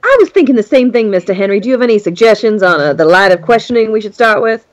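A woman playing a tabletop role-playing game, talking in a halting, chatty way full of restarts. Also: medium pitch, animated, dull audio. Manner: quick, halting, lots of likes and restarts. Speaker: player.

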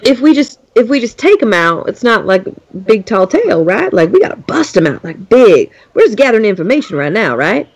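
A woman playing a tabletop role-playing game, talking in a halting, chatty way full of restarts. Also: mid-range voice, sing-song, breathy edge. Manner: quick, halting, lots of likes and restarts. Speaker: player.

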